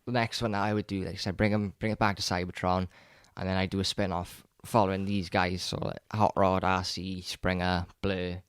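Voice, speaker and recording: Low-voiced male co-host, excited rambling chat, close and dry. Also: brisk, few pauses, clean tone, dry recording. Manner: rambling, enthusiastic, frequent restarts and stammers. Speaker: podcast co-host. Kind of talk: casual chat about films.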